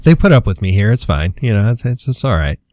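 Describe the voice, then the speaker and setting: A man's voice: fairly low pitch, sing-song, fast, mellow, dry recording. A man co-hosting a podcast in a jokey, upbeat, chatty way. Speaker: podcast co-host. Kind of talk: casual podcast chat.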